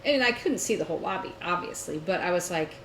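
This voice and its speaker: Animated woman telling a story in a roomy space. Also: fairly low pitch, fast. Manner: animated storyteller, laughing often. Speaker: podcast co-host. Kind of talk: casual chat. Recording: roomy echo, faint noise.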